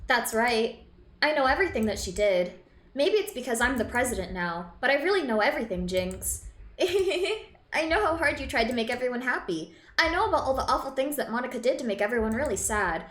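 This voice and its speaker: A woman's voice: a little high, sing-song, brisk, fairly bright tone. A woman reading aloud the lines of a cheerful teenage girl who runs a club. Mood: sweet. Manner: read aloud from on-screen dialogue. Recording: echoey room with game music.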